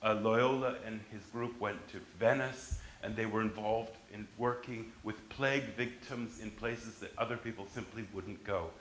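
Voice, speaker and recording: A man's voice: fairly low pitch, steady tone, moderate pace, hardly any pauses, a bit bright, reverberant, slight background noise, poor audio. A man giving a university history lecture, emphatic and restarting his sentences as he explains.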